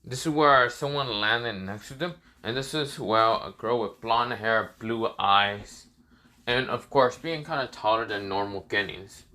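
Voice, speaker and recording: Guy narrating a fan story, rambly, lots of fillers, bright sharp voice. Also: lowish voice, unhurried. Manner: rambling, with many fillers and restarts.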